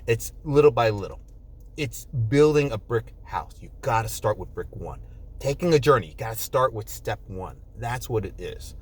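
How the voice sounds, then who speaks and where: A man in his fifties, from New Jersey, talks straight to the camera about nursing in a casual monologue. He swears without a second thought and slips into other people's voices for quick quotes. His pitch rises and falls a lot, and the whole thing feels loose and animated. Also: breathy edge. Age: 50s. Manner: blunt and profane, acts out quoted people. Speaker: nurse vlogger.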